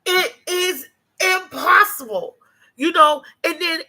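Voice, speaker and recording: A woman with a high, bright, sharp voice rants to her camera as a vlogger. She talks off the cuff, swearing freely and running heated, with many restarts and repeated words. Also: normal speed. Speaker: YouTube vlogger.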